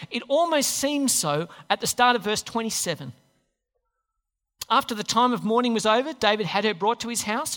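Preacher, sermon, animated and questioning, long reverb from a large church hall. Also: mid-range voice. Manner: storytelling with rhetorical questions, acted-out quotes.

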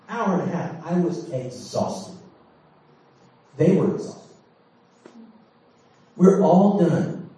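A man's voice: on the high side, dark tone. A middle-aged man preaching, telling a candid personal story with laughs and dramatic swings. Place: large church hall. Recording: echoey hall, mic from far off.

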